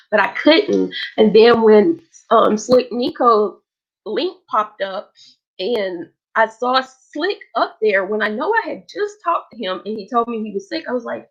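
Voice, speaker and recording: A woman's voice: medium pitch, normal speed, vocal fry, highs cut off. A woman hosting a casual livestream chat, talking to her viewers in an emotional, heartfelt way. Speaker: livestream host.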